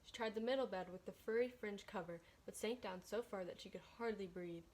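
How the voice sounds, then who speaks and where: A woman reading a picture book aloud in a gentle, steady way, then talking about the story. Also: medium pitch, a little fast. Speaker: storybook reader.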